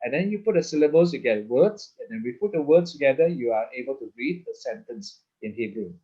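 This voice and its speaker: A man's voice: mid-range voice, expressive, fairly quick, slightly rough, lo-fi sound. A man teaching an online class, explaining patiently and checking in with "okay?" after nearly every phrase. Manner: patient, repeats words, frequent "okay?" checks. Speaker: Hebrew teacher. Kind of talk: online lesson with slides.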